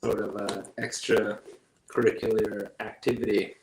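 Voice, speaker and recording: Low-voiced American guest, echoey room. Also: male voice, measured pace, vocal fry, a little hiss or hum. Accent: American with slight Australian tinge. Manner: relaxed, hesitant, lots of fillers. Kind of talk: casual chat.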